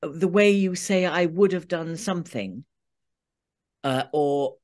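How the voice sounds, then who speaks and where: A woman's voice: sits low, measured pace, a little mellow. A middle-aged British woman, an audiobook narrator, chatting casually and animatedly about her work. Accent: British English. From Britain. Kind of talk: casual chat.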